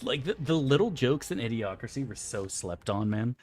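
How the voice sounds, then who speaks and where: A man's voice: medium pitch, sing-song, normal speed, darkish tone, slight background noise. A man streaming a game and chatting casually, joking around in a rambling, crude way. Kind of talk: casual gameplay commentary.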